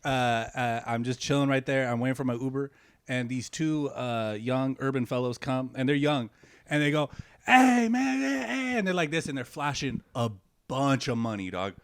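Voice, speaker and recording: A man co-hosting a comedy podcast, telling a story in animated street slang and laughing as he goes. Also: mid-range voice, moderate pace, clean tone, no room sound. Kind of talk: casual storytelling. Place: podcast studio.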